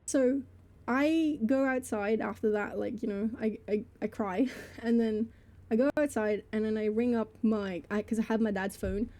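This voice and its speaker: A woman streamer talks to her chat in a loose, rambling way, full of fillers, with laughs between phrases. Her voice sits fairly high but sounds mellow and soft-edged, close on a desk microphone. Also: normal speed. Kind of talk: casual storytelling to a live chat.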